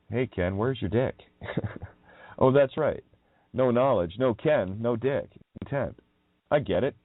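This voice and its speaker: A man with a low voice hosts a rambling solo radio monologue, his pitch leaping up and down as he mocks and swears. He laughs often and plays on the sounds of words. The recording is dry and thin, like a tinny phone line. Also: animated, measured pace, pauses often, no room sound. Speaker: radio show host. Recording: narrow, tinny phone-like audio.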